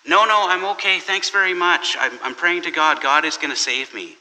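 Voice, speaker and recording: A man acting out a stubborn fellow stuck on his roof, his voice a bit raised and bright. He brushes off help insistently, with the sound ringing in a reverberant hall. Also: a little high, normal speed. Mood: dismissive. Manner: insistent, dismissive.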